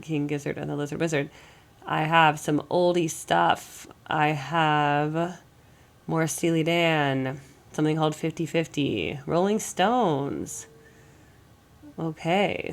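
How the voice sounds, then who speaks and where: A woman's voice: sits low, creaky. An American woman hosting a music reaction channel, chatting in a rambling, think-aloud way while getting over a cold. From United States. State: recovering from a cold. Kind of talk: casual reaction commentary.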